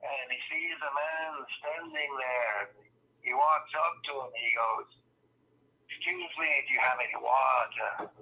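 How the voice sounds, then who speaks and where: A man plays a rambling older Scottish uncle whose put-on accent rings bright and sharp. He talks unhurriedly, a little high in pitch, dropping "aye" into nearly every line. His jokes wander on at a leisurely crawl. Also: vocal fry, lo-fi sound, heavily acted. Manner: says "aye" constantly, slow rambling joke teller. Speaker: trivia guest. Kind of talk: improvised comedy character.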